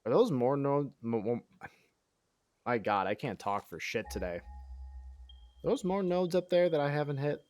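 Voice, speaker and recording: A man's voice: medium pitch, expressive, a little slow, pauses often, a little mellow, no room sound. Sarcastic male game streamer. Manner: sarcastic mock-bragging, self-deprecating; swears casually, thinks aloud while counting. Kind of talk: casual live-stream chat while gaming.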